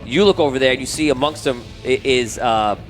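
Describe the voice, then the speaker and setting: A man's voice: medium pitch, fairly quick. A man narrating a tabletop game as game master, rambling with many fillers, over background music.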